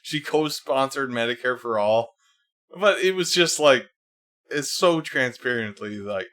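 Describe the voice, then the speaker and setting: Unhurried but heated, this man's livestream political rant is full of profanity and "like" fillers. He has a mid-range, slightly bright voice with lively intonation.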